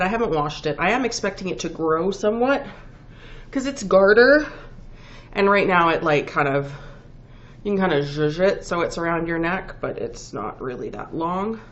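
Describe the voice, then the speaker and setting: A woman with a lowish, gravelly voice, audibly congested from a head cold, hosts a relaxed knitting show. She wanders through her thoughts with frequent ums and restarts. The recording sounds dull and lo-fi, with a faint hiss underneath. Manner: rambling, self-correcting, lots of ums. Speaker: knitting podcast host. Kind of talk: casual show-and-tell chat. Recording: dull lo-fi home recording with faint background noise.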